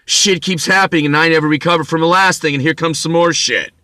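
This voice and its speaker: A man's voice: on the high side, fairly even intonation, fast, sharp tone, no room sound. A middle-aged man telling a personal story as a bitter, intense monologue, swearing often and stumbling over restarts. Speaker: vlogger.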